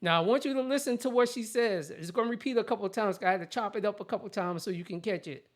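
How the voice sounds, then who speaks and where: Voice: mid-range voice, rapid-fire. A show host giving casual political commentary in a blunt, opinionated rant, often restarting sentences.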